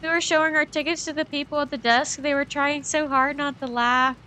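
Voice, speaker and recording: A young woman from the Southern United States, with a light Southern accent and a high, steady, bright, pushed voice, talks fairly quickly over slight background noise. As a game streamer she chats and rambles to her chat while playing, giggling and talking to herself.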